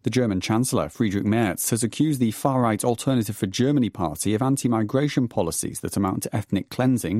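A man reading the radio news in a measured, formal way. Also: on the low side, darkish tone, no echo, studio quality. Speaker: newsreader.

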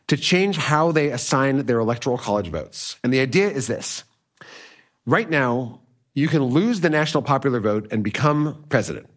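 Author guest, male, from the US, mid pitch, animated delivery. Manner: animated, explanatory, emphatic. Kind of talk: political interview.

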